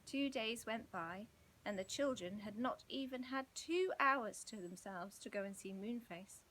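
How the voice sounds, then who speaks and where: A woman reading a children's storybook aloud in an expressive, gently dramatic way. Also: a little high, a little slow, poor audio. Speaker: storybook reader.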